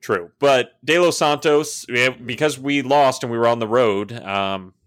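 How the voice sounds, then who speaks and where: A man's voice: mid-range voice, a little slow, fairly bright tone, clear, resonant tone, no echo, studio quality. Chatty male podcast co-host reading stats. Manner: stat-reading, chatty with fillers. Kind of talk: casual sports podcast chat.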